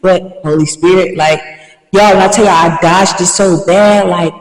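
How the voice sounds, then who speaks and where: A young woman tells a story with animated, slangy energy, like a podcast host catching up with her listeners. Her voice comes from a little way off the mic. It rings around a roomy space with a long tail of reverb. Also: fairly low pitch, normal speed. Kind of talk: casual storytelling. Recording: echoey room, mic at a distance.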